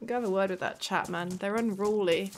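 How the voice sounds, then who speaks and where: A woman's voice: medium pitch, a little fast, a little hiss or hum. A woman from the English Midlands with a Midlands accent, chatting casually on her live stream, swearing freely and laughing often.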